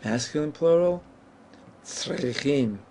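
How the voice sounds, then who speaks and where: Man, Hebrew teacher, gravelly voice, patient explanations, careful slow pronunciation, faint background hiss. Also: fairly high pitch, expressive, dark tone. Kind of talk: whiteboard language lesson.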